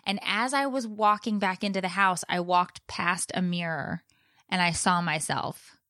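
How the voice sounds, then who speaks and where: A woman in her thirties co-hosts a casual chat and tells stories with animated, acted-out moments. Her voice sits slightly low. The sound is dry and close, with no room around it. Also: a little slow, no room sound. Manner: animated storyteller, acts out her own shouting. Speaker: podcast co-host.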